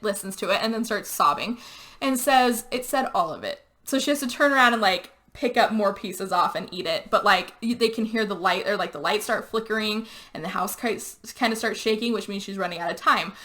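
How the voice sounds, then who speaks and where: A woman hosting a podcast, casually retelling a movie plot with lots of "like" and quick quoted character voices. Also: mid-range voice, sharp tone. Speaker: podcast host. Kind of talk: casual movie recap chat.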